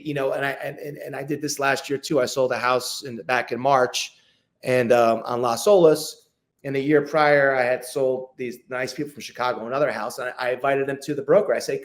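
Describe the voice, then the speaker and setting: Brief: conversational male guest, mid-pitch, loose and talkative, acts out client chats. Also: steady tone, moderate pace. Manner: chatty, acts out phone calls with clients, many restarts. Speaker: luxury real estate agent, guest. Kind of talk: casual interview talk.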